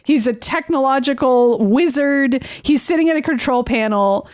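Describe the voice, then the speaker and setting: A woman co-hosting a casual recap podcast, with a fairly high voice. She is wry and chatty, tossing in swears. The sound is dry and close. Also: normal speed, darkish tone, no echo. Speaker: podcast co-host.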